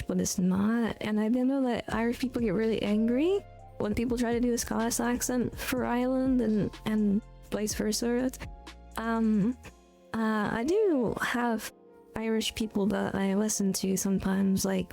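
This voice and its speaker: A woman streamer rambles through casual chat with her viewers, giggly and goofy. Her voice carries a gravelly vocal fry with a dark, mellow tone. Faint music plays behind her. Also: mid-range voice. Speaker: live streamer.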